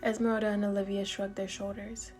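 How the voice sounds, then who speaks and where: A woman's voice: medium pitch, little pitch movement, fairly quick, darkish tone. Woman reading a story over faint music. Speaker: audiobook reader. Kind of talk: reading a fan story aloud.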